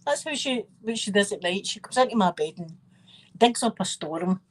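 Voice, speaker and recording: A woman with a Scottish accent telling rambling, animated family anecdotes in a casual chat, with frequent asides. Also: medium pitch, moderate pace. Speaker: channel host.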